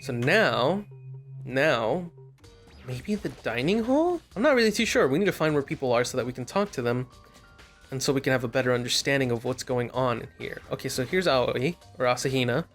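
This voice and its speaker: A man's voice: mid-range voice, expressive, normal speed, soft background music. Chatty young man playing a game. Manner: loose and chatty, with fillers. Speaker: let's play host. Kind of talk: casual gameplay commentary, reading dialogue aloud.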